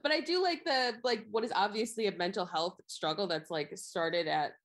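A woman's voice: mid-range voice, normal speed. A young adult woman co-hosting a podcast, talking casually about a film with lots of fillers and frequent laughter. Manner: chatty, many fillers, laughs often. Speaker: podcast co-host.

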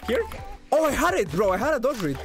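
A young man giving excitable live commentary while playing a fighting game, shouting at big plays and groaning at his mistakes. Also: extremely high pitch, fast talker. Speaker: gaming streamer. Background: game music.

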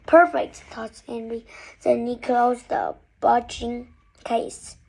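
Woman, children's story read-aloud, expressive, high voice, gravelly. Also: slow, poor audio. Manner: expressive, lively reading. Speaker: storybook reader.

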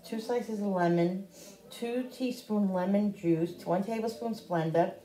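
A woman's voice: medium pitch, measured pace, mellow, roomy sound, low-quality recording. A middle-aged woman chatting casually to her viewers while cooking in her home kitchen. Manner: chatty, talks straight to viewers. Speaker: cooking vlogger.

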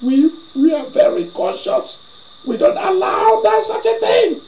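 A man's voice: extremely high pitch, expressive, a little slow, a little mellow, recorded from a distance, pitched above the performer's own voice, heavily acted. A man acting out a tall man who is panicking and wailing, afraid he has sinned. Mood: frantic. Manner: wailing, frantic pleading. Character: panicked tall man fearing God's wrath. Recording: echoey room.

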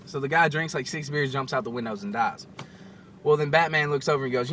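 A man's voice: medium pitch, brisk. A man telling crude jokes in a casual, rambling way, stopping to recall how they go. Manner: rambling, stops to recall, laughs at own jokes. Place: inside a car. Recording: distant mic with loud road noise.

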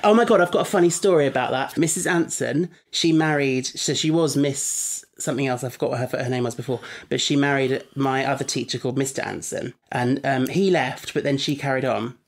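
A man's voice: mid-range voice, fairly quick, hardly any pauses. Young male co-host, chatty storyteller, mid-range voice, laughs easily. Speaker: podcast co-host. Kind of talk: casual chat reviewing an episode.

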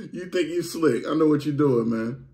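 A man giving casual, excitable commentary as the host of a reaction video, slangy and animated. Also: on the high side, normal speed.

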